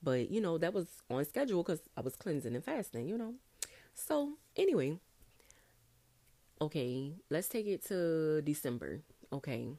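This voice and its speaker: Young woman chatting on her podcast, low voice, dry close sound. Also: moderate pace, no room sound. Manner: chatty, animated, talks straight to listeners as y'all. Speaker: podcast host. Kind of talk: casual solo podcast chat.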